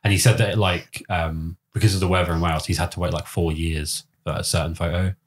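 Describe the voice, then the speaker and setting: Very low-voiced southern English man. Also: brisk. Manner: animated storyteller, acts out voices, laughs often. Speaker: podcast host. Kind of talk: casual podcast chat.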